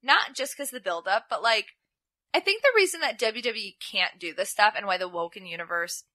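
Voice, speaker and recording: A woman's voice: medium pitch, a little fast, no echo. A young woman co-hosting a podcast, chatting casually and retelling scenes with playful acted-out quotes. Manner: animated storytelling, acts out quotes in playful voices. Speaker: podcast co-host. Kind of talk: casual chat recapping wrestling.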